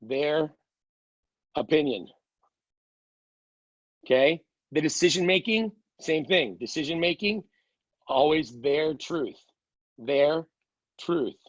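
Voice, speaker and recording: A middle-aged man lectures a class in a relaxed, chatty way, slipping into stories and quick asides. His voice sits a little high and slightly husky. The sound is dry and a bit dull. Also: no room sound. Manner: conversational, quick asides and playful quoted voices. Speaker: strengths coach teaching a class. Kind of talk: casual lecture with anecdotes.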